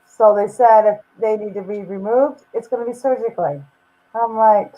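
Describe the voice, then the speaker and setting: A woman chatting casually on a stream voice chat, relaxed and quick to laugh things off. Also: mid-range voice, phone-quality sound.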